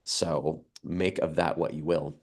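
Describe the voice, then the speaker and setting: A man on a casual political talk show, speaking in a measured, hesitant way with many pauses. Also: a bass voice, steady tone.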